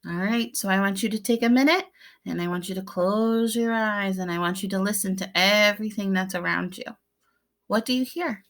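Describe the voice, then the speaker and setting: A young adult woman, a preschool teacher, reading a picture book aloud to young children, gently explaining the pictures, asking them questions and playfully acting out the sounds. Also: medium pitch, normal speed.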